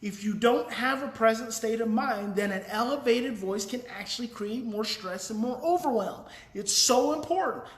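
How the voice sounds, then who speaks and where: A man's voice: very high-pitched, moderate pace, hardly any pauses, roomy sound. A man hosting a daily live parenting talk, explaining earnestly in a casual way and thinking aloud with restarts while reading viewer comments.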